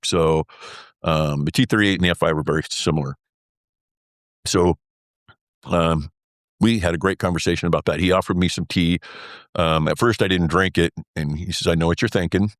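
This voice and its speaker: A man's voice: low voice, steady tone, normal speed, pauses often, no echo, clean studio sound. A man, an interview guest and former pilot, telling a story in a rambling, wry way full of fillers.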